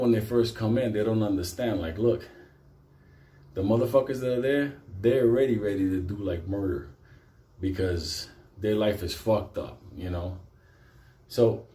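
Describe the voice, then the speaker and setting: A man telling a comic story in a profane, animated way, swinging between loud bursts and quiet asides. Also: lowish voice, moderate pace, pauses often. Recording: echoey room.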